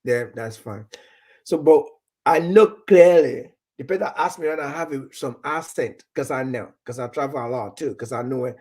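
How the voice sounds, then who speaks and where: Husky-voiced Nigerian-born man, rambling. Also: mid-range voice, moderate pace, darkish tone. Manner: rambling, repeats words, acts out dialogue. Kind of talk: casual chat.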